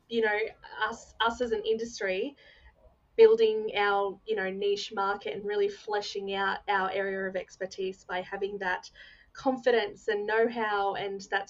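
Casual woman on muffled audio. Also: medium pitch. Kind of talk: casual podcast chat.

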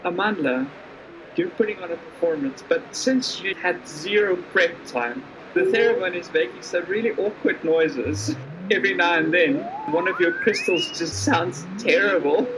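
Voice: medium pitch, animated, normal speed. Game master, easygoing narration, slight background hum.

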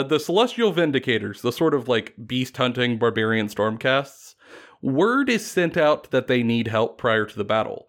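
A man casually retelling a fantasy battle story on a podcast, animated and laughing often. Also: mid-range voice.

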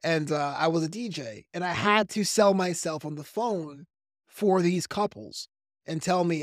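A man from New York with a softened Brooklyn accent, a comedian guest on a podcast, talking fast in an animated, practiced radio-style way. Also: fairly high pitch, no echo, clean studio sound. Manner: self-described fast talker. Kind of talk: podcast interview.

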